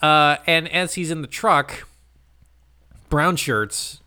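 A man's voice: slow, clean tone. A man co-hosting a podcast, animatedly retelling a show's plot and acting out the characters' lines. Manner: animated storyteller, acts out quotes with big pitch jumps. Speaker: podcast co-host. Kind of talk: casual chat recapping a show.

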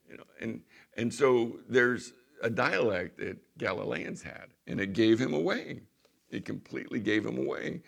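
A man's voice: mid-range voice, moderate pace, gravelly, a bit bright. A man preaching a sermon as pastor, reading scripture aloud with rising emphasis and then talking it over in a plain, chatty way.

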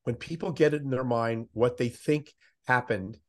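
A man's voice: medium pitch, normal speed. Older man, veteran broadcaster, casual interview storytelling, acts out quotes, mid-range voice. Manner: animated anecdote teller, acts out quoted voices.

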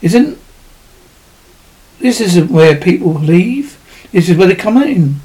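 A man reading a booming self-important doctor. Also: very animated, slow pace, mellow, exaggerated voice, rough recording. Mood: hearty. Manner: hearty, jovial. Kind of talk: audiobook dialogue.

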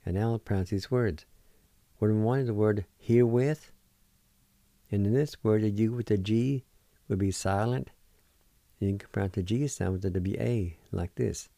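Male radio host, language teacher; patient and encouraging, mellow tone, dry close sound. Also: lowish voice, normal speed, creaky, long pauses, no room sound. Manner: patient, spells words letter by letter and repeats them. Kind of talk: slow spelling and pronunciation lesson.

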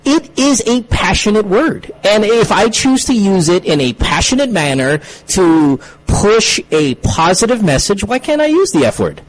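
A man's voice: sits high, big pitch swings, moderate pace, hardly any pauses, low-quality recording. A man hosting a radio talk show, arguing his point with emphatic, stammering restarts.

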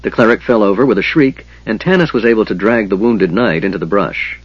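A man reads fantasy narration in a steady, measured way. His voice is low and husky. The recording is dry and slightly dull. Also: no room sound. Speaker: audiobook narrator.

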